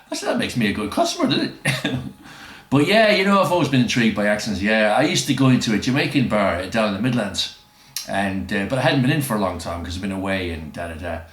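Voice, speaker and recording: A man tells rambling anecdotes in casual conversation, chuckling as he goes and doing voices for the people he quotes. His voice is lowish, expressive, and a bit bright, and he talks fast. The recording has a roomy echo.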